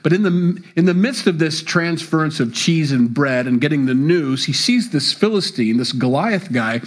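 A male pastor preaching a sermon, with animated delivery and sudden jumps in pitch on key words. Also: moderate pace.

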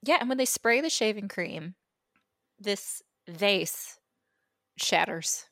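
A woman co-hosting a podcast in casual, animated chat, giggling often. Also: medium pitch, no room sound, studio quality. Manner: animated, giggly, quick asides. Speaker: podcast co-host.

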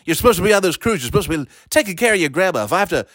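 Brief: man voicing a foul-mouthed ex-announcer uncle, rambling and stammering, lively pitch, dry sound. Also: racing, dry recording, heavily acted. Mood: angry. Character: crude bitter old male ex-baseball announcer uncle. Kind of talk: improvised character monologue.

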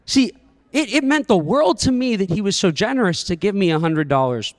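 A man's voice: high voice, lively intonation, a little fast, studio quality. A young man preaching a sermon, telling a story with humor and dramatic flair. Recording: echoey church hall.

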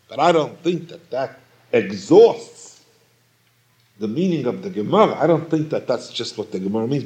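Animated male rabbi giving a Torah lecture. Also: mid-range voice. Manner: questioning, emphatic, repeats phrases for stress. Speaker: rabbi teaching Talmud.

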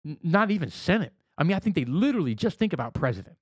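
A man co-hosting a casual political chat in a blunt, animated way, swearing often. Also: fairly high pitch, rapid-fire, breathy edge, no room sound. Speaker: podcast co-host.

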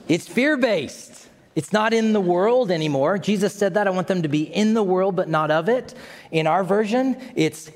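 A man preaching a sermon to a congregation, animated and dramatic, with asides to his listeners. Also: sits high, moderate pace, long reverb tail. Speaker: pastor.

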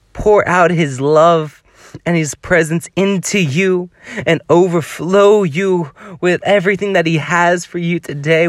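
A man's voice: fairly high pitch, no room sound. A man delivers a devotional sermon in a slightly raised voice, earnest and pleading as he urges his listeners. The recording is dry and close, with no room sound around him. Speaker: preacher.

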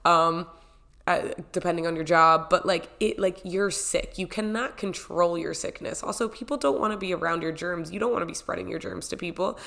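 A young woman with a lowish, gravelly voice talks casually while fighting a cold. She rambles warmly through fillers and little laughs in a loose, chatty vlog style. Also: fairly quick. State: sick with a cold. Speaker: wellness vlogger. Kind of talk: casual chat.

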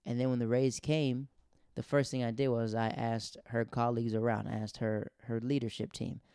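A man tells stories in a loose, chatty comedic way, with plenty of "like" fillers. His voice is gravelly and sits mid-pitched for a man. It is recorded dry, with no room sound. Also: little pitch movement, normal speed, mellow, dry recording. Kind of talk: casual comedic storytelling.

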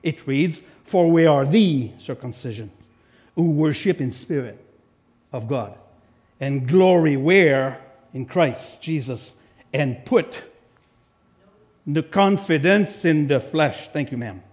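A middle-aged man preaching as a guest speaker in a church, animated and playful, reading scripture aloud and breaking off into emphatic, joking asides to the congregation. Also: a little high, a little slow. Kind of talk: sermon. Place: church sanctuary.

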